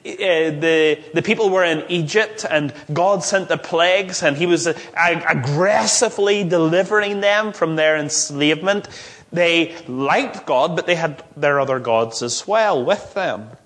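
A man's voice: fairly high pitch, a little slow, a bit bright. A man preaching a sermon, reading scripture aloud and explaining it with emphatic rises and frequent restarts. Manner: expository, with emphatic rising peaks and restarts.

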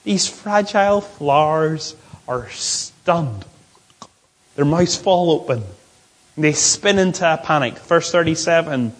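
Male pastor, a touch higher-pitched than most men, delivers a sermon with emphatic repetition and drawn-out words. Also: expressive, rough recording. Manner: emphatic, repeats key phrases, stretches words slowly.

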